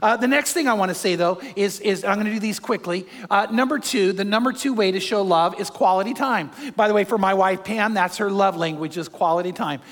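An older man, a pastor and grandfather, preaching a sermon with animated storytelling and acted-out quotes. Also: high voice, brisk, few pauses. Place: church hall with long reverb. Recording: reverberant hall.

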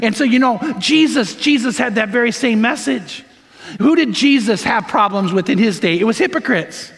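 A man pastor preaching a sermon, his high voice pressing each point with emphatic repetition. His words ring out with a long reverb, as in a large church hall. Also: expressive, normal speed, vocal fry, a bit bright. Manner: emphatic, rising preaching with repeated phrases.

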